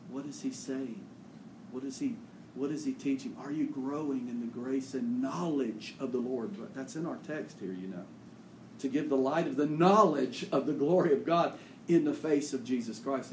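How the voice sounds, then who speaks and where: A man preaching a sermon as pastor, swinging between loud, emphatic bursts and quieter, folksy plain talk. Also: medium pitch, normal speed, reverberant, background noise.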